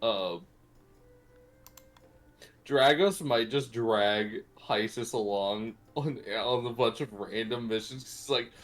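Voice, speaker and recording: A man's voice: mid-range voice, takes it slowly, fairly bright tone. A man playing a tabletop game, joking casually with lots of swearing and exasperation. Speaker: player.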